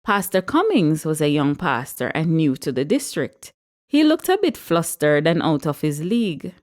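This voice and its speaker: A woman narrates a story, her voice sitting lower than most. She reads at a measured pace, expressive but steady. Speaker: audiobook narrator. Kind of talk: storybook reading.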